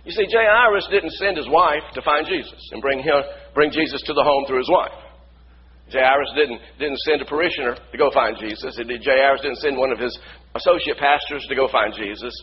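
A male pastor preaching a sermon, building from quiet storytelling to shouted praise. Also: mid-range voice, brisk, dull audio, a little hiss or hum.

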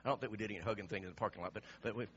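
A man preaching a sermon, telling a personal story in an animated, emphatic way with frequent restarts. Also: lowish voice, rapid-fire, lo-fi sound, a little hiss or hum.

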